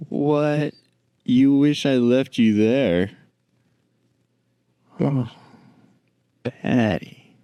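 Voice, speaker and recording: A man's voice: mid-range voice, drawn-out words, pauses often, warm tone, clear, resonant tone, dry recording, dull audio. A man hosting a podcast, rambling dryly on his own and talking to his pet. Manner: rambling, dry, talks to a pet. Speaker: podcast host. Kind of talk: casual solo chat.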